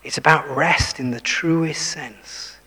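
Slow and on the high side, this preacher's husky, faintly breathy voice echoes long through the hall. He drops to a whisper at key moments, quizzes the congregation, and tosses in self-deprecating remarks.

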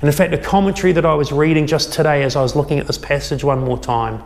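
A man preaching a sermon, retelling a scripture story with lively acted-out quotes. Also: a little high, fast, long reverb tail. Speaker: pastor.

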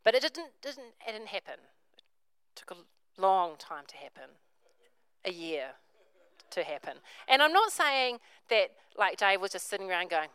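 A woman's voice: medium pitch, big pitch swings, a little slow, fairly bright tone, clear, resonant tone, no echo, poor audio. A woman, preaching a sermon, telling a story and acting out the characters' voices.

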